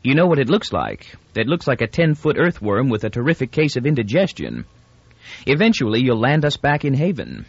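A male narrator voicing a spirited young woman who mocks her companion in an audiobook, his voice lifted higher and drier. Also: very animated, breathy edge, no echo, dull audio. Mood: teasing. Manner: mocking, quick retorts. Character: sharp-tongued young woman, teasing and spirited.

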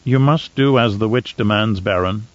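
A man reading an audiobook, voicing a cold, calculating male advisor who speaks calmly and carefully. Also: on the low side, dry recording, highs cut off, natural voice. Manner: calm, measured, sly.

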